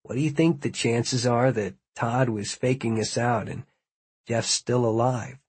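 A man's voice: mid-range voice, measured pace, a little mellow, husky, no room sound. A man reading hesitant, worried Gary.

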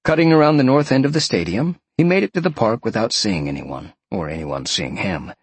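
A man narrates a story in a low, slightly husky voice, his pitch rising and falling expressively. The recording is close and dry, with no room sound. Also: lively intonation, fairly quick, no room sound. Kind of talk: audiobook narration.

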